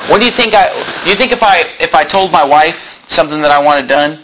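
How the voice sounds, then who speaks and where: A middle-aged man preaching a sermon, reading scripture aloud and swinging between loud emphatic peaks and low asides. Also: a little fast, a little hiss or hum, low-quality recording. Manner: reads scripture aloud in King James wording. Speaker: pastor.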